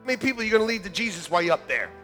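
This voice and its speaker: A man preaching a sermon to his church, joking and lively, then turning quietly earnest. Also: sits high, racing, soft background music. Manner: jokey and animated, swinging between loud punchlines and quiet earnest asides. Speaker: pastor. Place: church sanctuary with a congregation. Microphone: church sound system, live-streamed.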